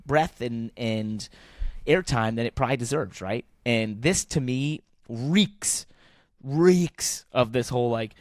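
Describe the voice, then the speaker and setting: A man co-hosting a motorsport podcast in casual chat, rambling and thinking aloud, growing animated when he rants. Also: medium pitch, slow, few pauses, no room sound, clean studio sound. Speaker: podcast co-host.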